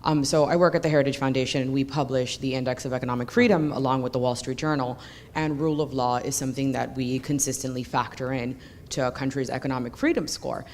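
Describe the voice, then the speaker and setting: A woman's voice: extremely low pitch, fairly even intonation, fast, darkish tone, a little hiss or hum. A woman policy researcher asking a conference panel a question from the floor, articulate but dotted with fillers. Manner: articulate, with frequent you-know fillers.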